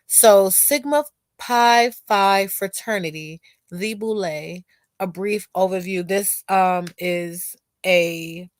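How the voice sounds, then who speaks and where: A woman's voice: medium pitch, no room sound. A woman hosting a casual livestream, talking straight to her chat while losing her voice. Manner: chatty, talks straight to the chat. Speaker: livestream host.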